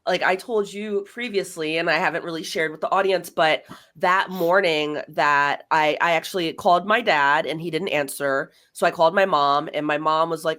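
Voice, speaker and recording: A young woman hosts a podcast, telling a personal story conversationally and acting out the dialogue with lots of animation. Her voice is low, she speaks at a normal speed, and she barely pauses.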